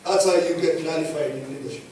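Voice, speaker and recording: Kenyan man, pastor preaching, high voice, emphatic with loud and hushed swings, very echoey hall, mic at a distance. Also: quick pace, background noise. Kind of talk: sermon. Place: church hall.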